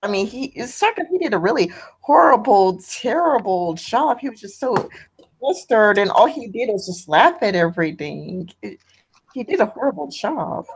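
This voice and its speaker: A woman on a casual call speaks with emphatic scorn. Her pitch swoops animatedly, and faint noise sits behind her. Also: expressive, moderate pace, low-quality recording. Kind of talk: casual online panel chat.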